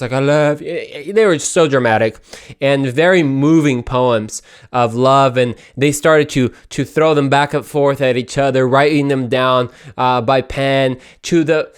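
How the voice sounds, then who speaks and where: A man's voice: medium pitch, clear, resonant tone. A young man hosting his own podcast, talking in an upbeat, chatty way with playful asides. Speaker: podcast host. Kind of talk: casual solo podcast monologue.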